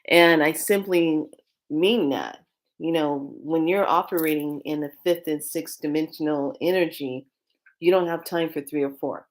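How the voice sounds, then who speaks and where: A woman with a notably low speaking voice shares a dream in a loose, conversational spiritual vlog. She circles back on her words, restarting and repeating phrases, and presses her points with earnest emphasis. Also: normal speed. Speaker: spiritual vlogger. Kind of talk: casual spiritual storytelling.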